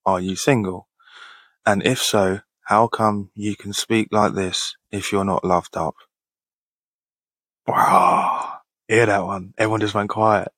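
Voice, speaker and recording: A man's voice: lowish voice, little pitch movement, normal speed, hardly any pauses, fairly bright tone, no echo. A man around thirty hosting a casual Q&A podcast, reading out listener questions and answering them in a laid-back way, laughing often and swearing casually. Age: 30s. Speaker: podcast host.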